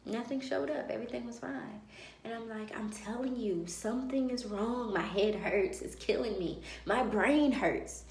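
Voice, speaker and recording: Woman, personal storytelling, animated, acts out conversations, roomy echo, faint room hiss. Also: a little high, normal speed, creaky. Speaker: vlogger.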